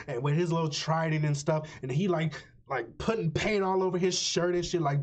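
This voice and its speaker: A man streaming live, casually recapping a movie's plot in slangy, profane, animated storytelling. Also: fairly high pitch, brisk. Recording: slightly muffled lo-fi audio.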